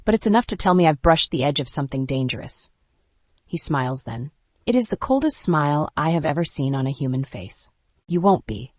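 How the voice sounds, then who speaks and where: An audiobook narrator reads a first-person romance story at a mid pitch, measured and even, with short clipped pauses between phrases. The sound is close and dry, with no room around the voice. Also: dry recording.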